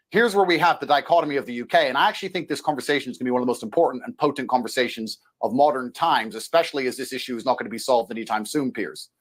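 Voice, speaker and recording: Fast-talking assertive man. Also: mid-range voice. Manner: assertive, lecturing. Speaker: interview guest. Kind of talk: debating in a TV interview.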